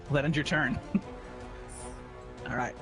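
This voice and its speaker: A man's voice: mid-range voice, steady tone, slow pace, over music. Laid-back man running a tabletop game. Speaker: game master.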